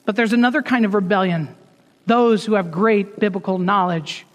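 High-voiced preaching man in a reverberant hall. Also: moderate pace. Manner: earnest preaching with rising emphasis, drops to soft asides. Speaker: pastor. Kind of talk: sermon.

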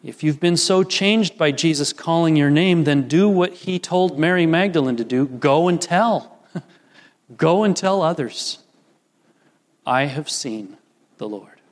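An older man preaching a sermon as pastor, slow and deliberate with emphatic pauses. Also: a little high. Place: church sanctuary. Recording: long reverb of a church hall.

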